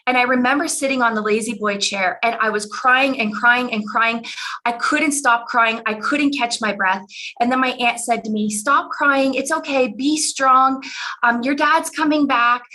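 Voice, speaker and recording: A middle-aged woman speaks candidly to her followers, telling a story from her own life. Her voice sits a little high and sounds bright and forceful. The delivery is conversational and emotional. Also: low-quality recording. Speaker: business coach.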